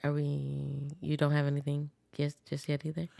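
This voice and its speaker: Female co-host, very low and gravelly voice, direct and teasing. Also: completely flat delivery, normal speed, warm tone, no room sound. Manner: direct, teasing, steers the topics. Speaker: podcast co-host. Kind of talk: casual chat.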